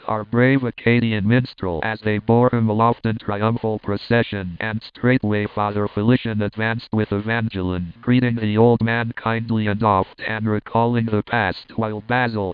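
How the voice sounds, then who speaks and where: A man with a low, very smooth and resonant voice reads a narrative poem aloud in a measured, steady way. His delivery stays even, with little rise and fall. The sound is dry and tinny, with a narrow, phone-like range. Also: no room sound. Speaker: audiobook narrator.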